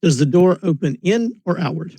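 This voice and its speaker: A man's voice: sits high, expressive, normal speed, dark tone, slightly rough, no room sound. A man playing in an online tabletop game, chuckling and sounding a little sheepish. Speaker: player. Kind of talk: casual game talk.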